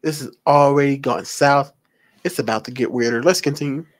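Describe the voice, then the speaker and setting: A man's voice: medium pitch, moderate pace, noisy background. A young man giving mocking, preachy commentary while reacting to text messages. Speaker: commentary host.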